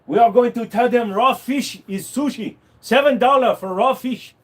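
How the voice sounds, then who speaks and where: An older male mentor with a put-on Japanese accent, as a man acts him out, his voice pushed well above a normal speaking pitch. He speaks in clipped, broken sentences with a sly, scheming edge. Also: moderate pace.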